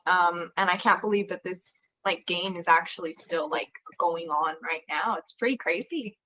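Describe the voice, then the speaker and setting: A woman's voice: fairly low pitch, normal speed, a crowd in the background, rough recording. Giggly woman chatting on a video call. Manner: giggly, chatty with many fillers. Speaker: guest. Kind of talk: casual chat.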